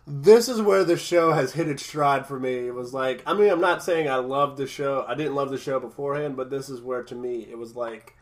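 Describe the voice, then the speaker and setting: A man's voice: mid-range voice, a little fast, few pauses. A man chatting casually as a podcast co-host, recapping an episode with many restarts and frequent laughs.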